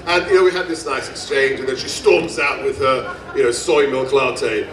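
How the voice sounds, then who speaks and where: A man's voice: mid-range voice, steady tone, moderate pace, noisy background. A man giving a rally speech at a festival, telling stories in an emphatic way and repeating phrases for effect. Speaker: speaker at a gun rights festival. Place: outdoor festival stage. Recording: echoey, distant PA sound.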